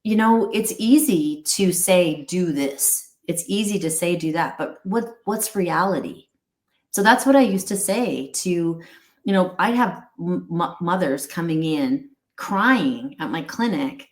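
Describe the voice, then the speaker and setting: Middle-aged woman, interview guest, earnest and rambling, lower voice, echoey room. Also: expressive, a little slow. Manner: earnest, rambling with restarts and acted-out quotes. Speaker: guest, pet wellness company founder. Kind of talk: candid interview talk.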